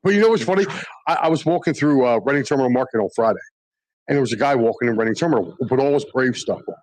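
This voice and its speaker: A man co-hosting a sports podcast, teasing and telling animated stories. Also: medium pitch, very fast, no room sound, low-quality recording. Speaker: podcast co-host. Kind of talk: casual sports chat, storytelling.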